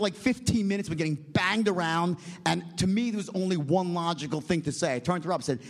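On stage, a middle-aged man tells a comic story in an animated, profane way, constantly tossing in "right?" asides. His voice sits on the high side, and he talks a little fast.

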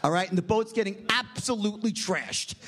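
A middle-aged man telling a comic story on stage, animated and profane, with constant "right?" asides. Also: sits high, fairly quick.

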